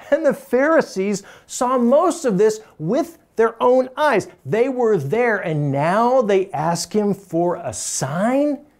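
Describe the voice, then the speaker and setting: A pastor gives a sermon in an easy, talking-to-you manner, pressing hard on key points. The voice sits at an ordinary middle pitch, and light chuckles slip into the flow. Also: a little mellow. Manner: conversational, emphatic, chuckles often.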